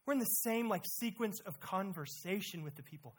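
A preacher giving a sermon with emphasis, asking the listeners rhetorical questions and shifting between quiet and loud delivery. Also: medium pitch, expressive, fairly quick, slightly rough.

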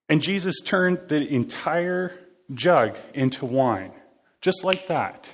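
A man's voice: a little high, animated, takes it slowly, husky. Chatty, joking man preaching a casual sermon. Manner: chatty, jokey, interacts with the congregation.

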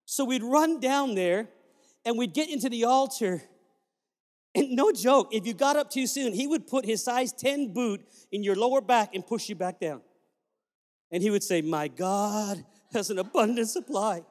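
The pastor's voice is very high and a little mellow, with lively intonation and a moderate pace. His sermon moves from storytelling into fervent calls for the congregation to praise, echoing through a reverberant church sanctuary.

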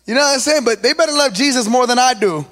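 High-voiced man from East Los Angeles preaching. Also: quick pace, big-room sound. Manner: animated storyteller acting out quotes, with fillers. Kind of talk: sermon storytelling.

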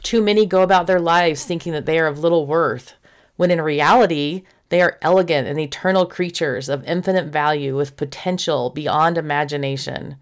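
Female podcast guest, low voice, heartfelt and admiring. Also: normal speed. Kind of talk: gospel discussion podcast.

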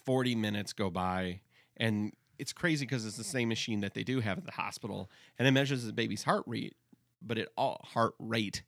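A man's voice: fairly low pitch, fairly bright tone, no echo, clean studio sound. A young man casually telling a rambling, jokey story as a podcast co-host. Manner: rambling, jokey, slips into comic voices.

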